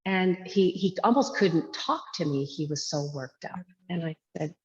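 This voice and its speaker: A woman's voice: on the low side, lively intonation, moderate pace. A woman in her thirties, a yoga teacher, talking earnestly and reflectively in an interview from her studio, with many fillers. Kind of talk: casual interview talk. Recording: dull lo-fi sound with long echoey reverb.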